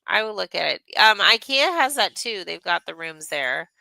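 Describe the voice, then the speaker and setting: A woman's voice: fairly low pitch, animated, moderate pace, gravelly, sharp tone, no room sound, poor audio. A woman in her thirties hosting a casual craft livestream, chatting in a rambling way and reading viewer comments aloud.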